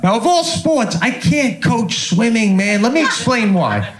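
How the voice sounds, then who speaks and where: A middle-aged man does stand-up on a club stage, his voice high and swinging all over as he acts out exasperated little scenes. He is on a handheld mic. A crowd laughs loudly throughout. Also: measured pace. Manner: animated, does exasperated impressions. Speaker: stand-up comedian. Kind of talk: stand-up comedy set.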